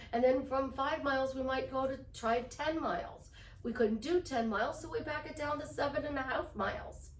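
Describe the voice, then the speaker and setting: A woman life coach giving casual relationship advice in an animated way, often slipping into little role-play voices. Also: fairly high pitch, reverberant, distant mic.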